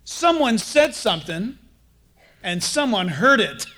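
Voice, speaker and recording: A man preaching a sermon as pastor, animated, acting out the voices of the people he quotes. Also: sits high, takes it slowly.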